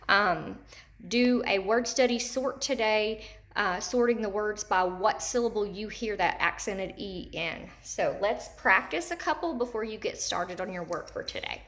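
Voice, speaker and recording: A woman teaching third graders in a recorded lesson, speaking clearly and repeating each word slowly for young children. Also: mid-range voice, a bit bright.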